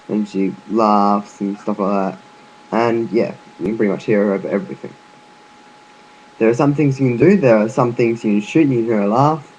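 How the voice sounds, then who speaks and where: Casual male gamer narrator with a fairly low voice, chatty and loose, stumbling through his explanation. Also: a little mellow, slight background noise, rough recording. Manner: loose and chatty, with frequent fillers and restarts; offhand, with occasional swearing. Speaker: gaming video narrator.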